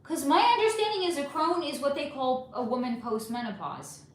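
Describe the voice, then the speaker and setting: A woman with a fairly high voice hosts a relaxed livestream, reading and answering viewer comments in a chatty, animated way. The recording carries a noticeable room echo. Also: normal speed. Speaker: livestream host reading chat. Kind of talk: casual livestream chat. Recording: echoey room.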